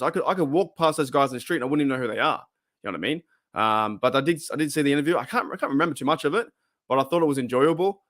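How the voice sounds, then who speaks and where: A man's voice: medium pitch, a bit bright. A man with an Australian accent, chatting casually on his own show in a small home room into a desktop microphone, rambling and restarting his sentences. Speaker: podcast host answering fan questions. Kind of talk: casual solo chat. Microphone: desktop USB microphone.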